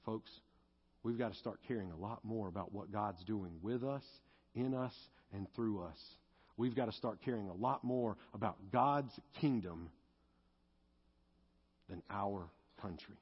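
A man's voice: lowish voice, unhurried, husky, highs cut off. A male pastor preaching a sermon and leading a closing prayer, earnest and confessional, at times rising into fervent pleading.

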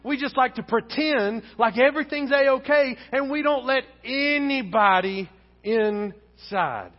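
A male pastor preaching a sermon in a church, speaking in an animated way and acting out the lines of the people in his story. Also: extremely high pitch, a little slow. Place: church sanctuary. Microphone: wearing a face mask. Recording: dull sound with long hall reverb.

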